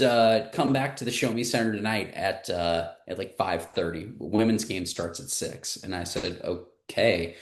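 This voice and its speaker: A man's voice: lowish voice, a little fast, few pauses, roomy sound. A man in his forties, a guest, telling his career story in a casual interview and acting out the people he quotes. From Missouri, US. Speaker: marketing director guest.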